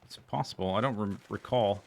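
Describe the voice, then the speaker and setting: A man's voice: on the low side, fairly quick, vocal fry, darkish tone. A man streaming a survival game, muttering sarcastic running commentary to himself. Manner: dry, sarcastic self-talk. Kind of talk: casual gameplay commentary.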